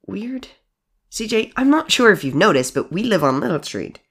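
A man voicing a shy, teasing young man in a storybook audio drama, gentle and wry. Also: high-pitched, sing-song, moderate pace, creaky, breathy edge, pitched above the performer's own voice, heavily acted.

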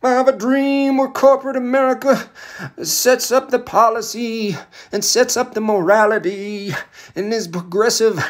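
A man's voice: very high voice, steady tone, unhurried, pitched above the performer's own voice. A man putting on a mocking impression of a preaching orator, in a swooping sing-song delivery. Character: shrill mocking parody of a male preaching orator.

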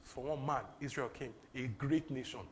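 A young man from Nigeria with a Nigerian English accent, preaching a lively sermon that repeats phrases and slips into pidgin. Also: medium pitch, normal speed, a little hiss or hum. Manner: animated, repetitive, breaks into laughter and pidgin.

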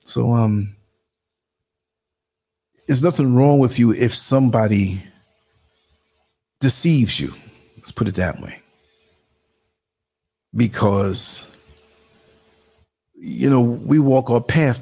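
Hosting a casual live stream through a computer streaming setup, a New York–accented man speaks in a medium-pitched, gravelly, slightly rough voice with a darkish tone. He's expressive but slow, with long pauses, chatting with viewers and muttering asides as he operates the computer.

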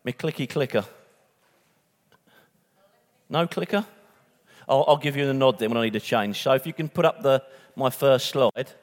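A man's voice: medium pitch, normal speed, pauses often. A man preaching a sermon in a church hall, chatty and casual, often repeating words as he restarts.

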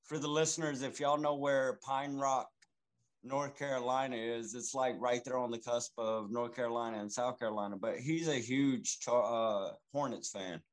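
Podcast co-host, man, easygoing drawl, mid-pitched voice. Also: fairly even intonation, normal speed, rough recording. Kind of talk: casual sports chat.

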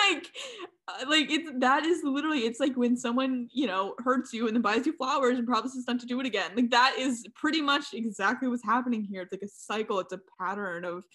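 Young woman, slightly high voice, playful, giggly, casual podcast talk. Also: a little fast, fairly bright tone. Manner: playful, giggly, riffing jokes. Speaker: podcast co-host. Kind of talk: casual book discussion chat.

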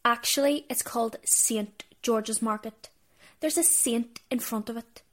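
A woman's voice: a little high, a little slow, a bit bright. A woman podcast host performing a comedy sketch as a tour guide, theatrical and mock-indignant.

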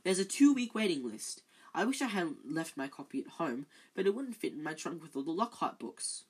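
A reader voicing a studious, bossy teenage schoolgirl who speaks clearly and severely. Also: medium pitch, very animated, moderate pace. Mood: insistent.

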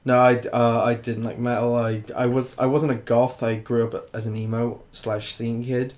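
Man, podcast co-host, casual and animated, laughs often, corrects himself mid-sentence. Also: mid-range voice, normal speed. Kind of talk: casual chat.

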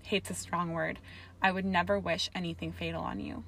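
A woman voicing a determined young witch who speaks softly and patiently but firmly in a storybook reading. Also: lowish voice, little pitch movement, normal speed, gravelly, slight background noise. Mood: shy. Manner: soft, patient and firm.

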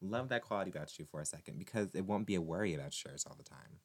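A man vlogging to his viewers in a casual monologue, animated and teasing, rambling with many restarts. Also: deep voice, fast talker.

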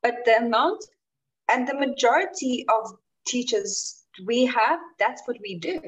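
A woman's voice: a little high, a little slow, muffled recording. A woman who is a teacher, making an earnest case in a casual chat. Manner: earnest, building an argument. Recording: distant from the mic.

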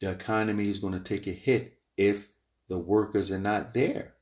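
A man giving a rambling opinion monologue, emphatic and repetitive, wandering off on tangents and climbing high in pitch when he gets heated. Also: little pitch movement, normal speed, darkish tone. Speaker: entrepreneur vlogger. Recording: roomy echo.

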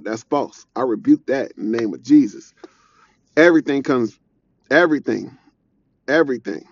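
A man's voice: medium pitch, darkish tone, dry recording, lo-fi sound. A young man giving an informal, earnest preaching talk, conversational and repeating his points. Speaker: devotional speaker.

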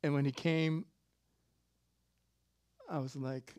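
A man preaching a sermon, telling a personal story casually with sudden loud, emphatic bursts. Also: fairly high pitch, steady tone, slow, clear, resonant tone, dry recording. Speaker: pastor.

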